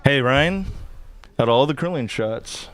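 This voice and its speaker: A man's voice: medium pitch, lively intonation, measured pace, a bit bright. A man giving live curling commentary, joking and hyping events up like mock breaking news. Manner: playful, mock-dramatic breaking-news hype.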